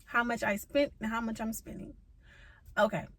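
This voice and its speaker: A woman's voice: a little high, level tone, moderate pace, no echo, rough recording. A young woman telling a car-trouble story in a vlog, venting with profanity and emphatic rhetorical asides. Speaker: vlogger.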